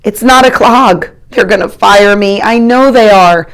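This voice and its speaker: A woman voicing a panicked young male janitor on his first day, shouting frantically. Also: mid-range voice, measured pace, pitched above the performer's own voice, lightly acted. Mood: frantic.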